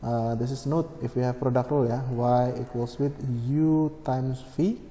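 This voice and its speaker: A man explaining a maths problem step by step, slow and methodical, with many fillers and self-corrections. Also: medium pitch, fairly even intonation, dark tone. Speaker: maths tutor. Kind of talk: screen-recorded maths lesson. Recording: echoey room with long reverb, faint hum.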